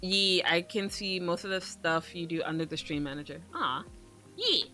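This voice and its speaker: Over faint background music, a young woman livestreams, chatting in a casual, rambling way, swearing freely and laughing often. Her voice is fairly low and bright with a pushed quality, and her pace is moderate.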